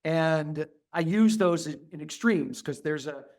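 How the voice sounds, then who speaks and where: A middle-aged man, a pediatrician guest, talking earnestly in an interview and softly acting out how he soothes children. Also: a little high, measured pace. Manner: earnest, acts out soft soothing asides to children. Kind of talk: conversational interview.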